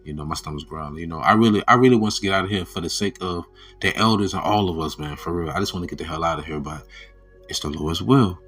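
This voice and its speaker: A man hosting a casual spiritual talk, telling stories loosely and jumping from loud quoted voices to quiet asides, with frequent laughs. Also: low voice, fast talker, faint music behind. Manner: laughs often between sentences. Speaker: religious video host.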